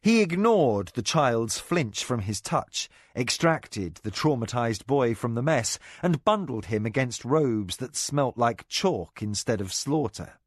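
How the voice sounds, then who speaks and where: A male narrator reads a novel aloud, his voice rising and falling in a lively, expressive way. His pitch sits in the middle. The recording is close and dry, with no room echo. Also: slow pace, few pauses. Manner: expressive, dramatic reading. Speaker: audiobook narrator. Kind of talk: scripted narration.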